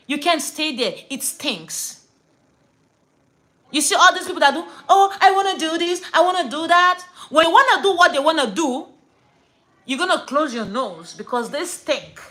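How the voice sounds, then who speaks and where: A woman's voice: high voice, expressive, a little slow, long pauses, pushed and bright, low-quality recording. A woman from Nigeria with a Nigerian accent, telling a story and ranting to camera in a casual vlog, stressing points by repeating words and slipping into Pidgin. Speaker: vlogger.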